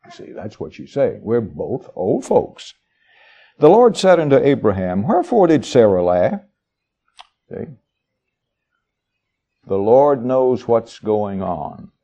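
A man preaching reads scripture verses aloud with shifting dramatic emphasis, then explains them in a folksy, conversational way, adding asides to the congregation. His mid-range voice is sing-song, slow and dark, pausing often, with the highs cut off.

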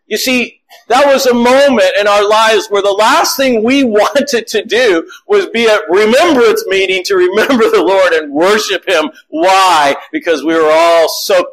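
A man's voice: high voice, poor audio. A middle-aged man preaching a sermon, telling family stories and acting out the voices of the people in them. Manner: animated storytelling, acting out quotes.

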